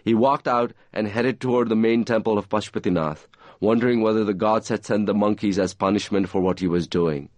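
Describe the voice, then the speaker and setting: Low-voiced man reading fiction aloud. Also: steady tone, fairly quick, a little mellow, no room sound. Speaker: author reading his novel.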